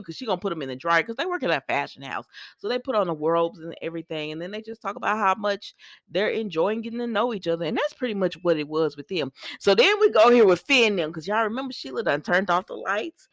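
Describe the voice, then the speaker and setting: A woman's voice: medium pitch, no room sound, studio quality. A woman, recapping a soap opera in casual talk, acting out the quotes and laughing often. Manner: animated, acts out quotes in lively voices, laughs often.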